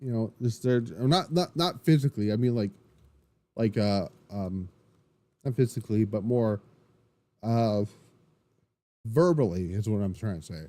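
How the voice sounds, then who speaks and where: Excitable man rambling through a wrestling recap. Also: on the low side, a little slow, long pauses, no room sound. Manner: rambling, excitable, frequent restarts and profanity. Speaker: wrestling podcast host. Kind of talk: casual solo recap.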